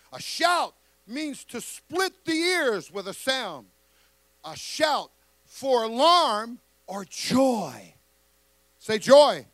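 A man preaching a fiery sermon who calls on the congregation to answer back and builds his lines up into shouts. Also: high-pitched, dry recording.

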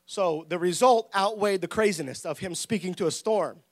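A man preaching a lively sermon with humor, laughing often, shouting for emphasis and acting out the people in his stories. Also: high-pitched, moderate pace. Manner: acts out quoted voices.

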